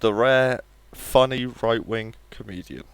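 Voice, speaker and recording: A man's voice: mid-range voice, slow pace, clear, resonant tone, dry recording. A man streaming a game live, chatting casually with viewers in a wry, joking way and swearing offhandedly. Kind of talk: casual live-stream chat while gaming.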